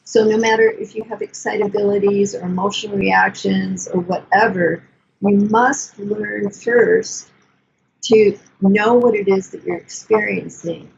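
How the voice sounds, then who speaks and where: Older woman therapist, gravelly and calm. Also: mid-range voice, a little slow, highs cut off, slight background noise. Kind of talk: conversational teaching.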